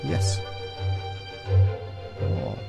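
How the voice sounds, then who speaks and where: A man casually playing a text adventure game, reading it aloud and thinking out loud as he clicks through. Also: extremely slow, over loud music. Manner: chatty, unsure, thinking aloud. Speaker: let's play host.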